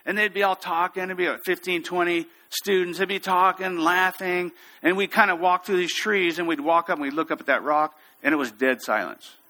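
A man preaching a sermon, telling a story with lively, acted-out quotes. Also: sits high, fairly quick, hardly any pauses. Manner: storytelling, animated, acts out quotes. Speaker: pastor.

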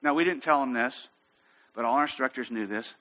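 A man preaching a sermon, telling a story with lively, acted-out quotes. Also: medium pitch, brisk. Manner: storytelling, animated, acts out quotes. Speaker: pastor.

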